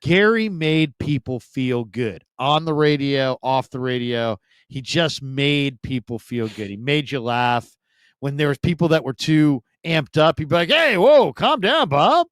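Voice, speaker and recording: A man, a sports radio host, telling stories in a casual, animated way and mimicking other people's voices. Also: measured pace, smooth, no room sound. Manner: animated, mimics voices with big pitch jumps. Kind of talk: casual storytelling chat.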